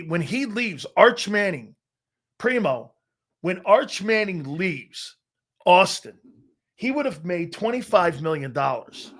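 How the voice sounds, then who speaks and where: A man's voice: high voice, a bit bright. A middle-aged man hosting a sports talk show, telling boastful, profane stories in a casual chat and laughing often.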